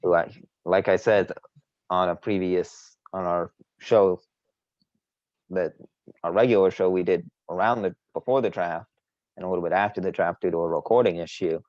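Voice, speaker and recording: A man's voice: deep voice, fairly even intonation, moderate pace, dry recording, muffled recording. A man co-hosting a casual sports podcast, boastful and teasing, rambling with frequent restarts. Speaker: podcast co-host.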